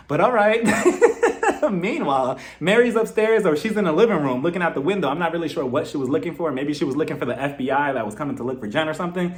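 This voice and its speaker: A man's voice: fairly high pitch, sing-song, fast talker. A man chatting casually and amused while recapping a reality TV episode. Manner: chatty, amused, laughs often.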